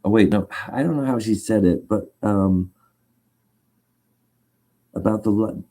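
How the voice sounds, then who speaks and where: Man, agitated rambling storyteller; very dark, low-set voice. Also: a little slow. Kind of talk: casual rant.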